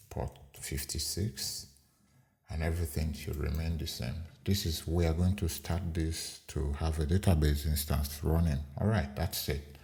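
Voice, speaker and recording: A man hosting a screen-recorded coding tutorial, explaining each step in an unhurried way with fillers. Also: very deep voice, gravelly, mellow. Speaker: programming tutorial host.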